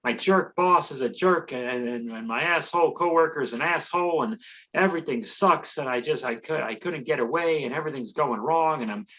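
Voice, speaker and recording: A man's voice: fairly high pitch, brisk, bright, forceful tone. A man voicing a frantic, overworked contractor husband in a whiny, rambling complaint. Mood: frazzled.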